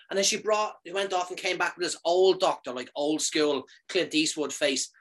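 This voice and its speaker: A man in his thirties, a comedian chatting casually and telling animated stories, leaping up in pitch for quoted lines. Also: brisk, hardly any pauses. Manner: animated storyteller, jumps high for quoted lines. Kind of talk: casual chat.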